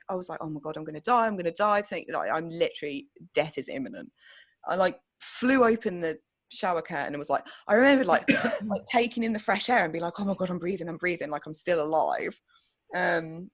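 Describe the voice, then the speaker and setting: A woman's voice: on the low side, dry recording. Young woman, podcast co-host, rambling chatty storyteller, dry mic. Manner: chatty storytelling with many "like"s, swears freely. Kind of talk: casual chat.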